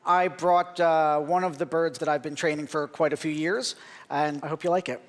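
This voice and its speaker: A man from Philadelphia doing a deadpan ventriloquist comedy act on a big talent show stage. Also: a little high, normal speed, in a large hall, heavy background noise. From Philadelphia, USA. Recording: loud audience and ambience.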